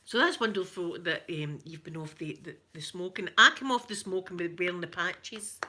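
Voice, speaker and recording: Middle-aged scottish woman, ASMR live chat, giggly and rambling, clear ringing voice. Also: fairly low pitch, normal speed. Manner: chatty, giggly, rambling, often dips to soft whispers. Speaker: ASMR creator.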